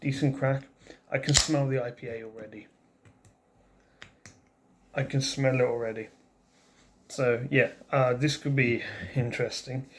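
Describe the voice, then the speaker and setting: A man's voice: medium pitch, fairly even intonation, a little slow, pauses often, a little hiss or hum. A man hosting a casual vlog beer review who rambles and often restarts his sentences.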